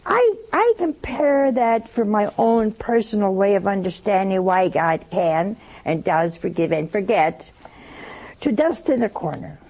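Woman, sermon, gravelly, warm mellow tone, humorous storytelling, slow emphatic phrasing. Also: medium pitch, lively intonation. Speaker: religious speaker.

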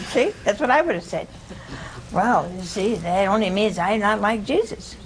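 A woman's voice: medium pitch, expressive, normal speed, a crowd in the background, noisy background. Chatty woman preaching to a small group. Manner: conversational, quizzes listeners, chuckles often; acts out quoted speech. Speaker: religious teacher. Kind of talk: informal sermon with audience questions.

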